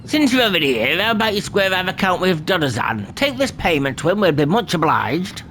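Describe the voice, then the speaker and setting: A man voicing a gruff, stern ship's captain who scolds his crew with old-fashioned insults. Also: high-pitched, sing-song, fairly quick, a bit bright, a little hiss or hum, full character voice.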